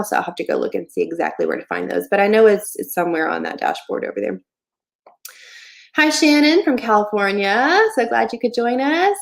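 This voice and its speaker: A young woman hosts a casual livestream Q&A. She talks in a friendly, loose way at a medium pitch, and her sentences are full of "um" and "like". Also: gravelly. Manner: chatty, friendly, many fillers like "um" and "like". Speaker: livestream host giving online shop advice.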